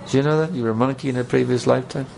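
Male speaker, gravelly, mid pitch, casual joking sermon style, faint hiss behind. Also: steady tone, very fast, darkish tone. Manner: conversational, rambling, joking asides. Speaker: spiritual teacher. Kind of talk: sermon with audience banter.

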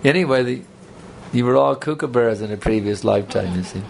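A man's voice: mid-range voice, fast talker, creaky, darkish tone, slight background noise. A man giving a spiritual talk to a live audience in a conversational, rambling way, with joking asides. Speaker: spiritual teacher. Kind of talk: sermon with audience banter.

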